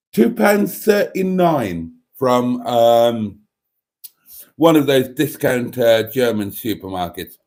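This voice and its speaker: A man's voice: a little high, darkish tone. Wry man hosting a livestream. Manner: wry, teasing, mock-serious rambling asides. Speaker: livestream host. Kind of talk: casual livestream chat, reading out viewer comments.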